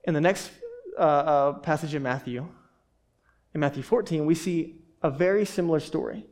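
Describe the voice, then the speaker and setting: A man's voice: on the high side, normal speed, darkish tone. A man preaching a sermon to a congregation in a casual, conversational way, asking rhetorical questions and often restarting his words. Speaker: pastor.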